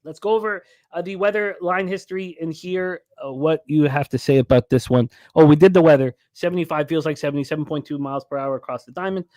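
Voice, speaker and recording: A man with a slightly high voice hosts a sports betting show, reading off game stats and drifting into rambling stories. The sound is close and dry, with no room around it. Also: fairly even intonation, fast talker, hardly any pauses, darkish tone, dry recording. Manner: rambling, reads stats and tells comedy stories. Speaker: sports betting radio host. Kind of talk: casual sports betting talk.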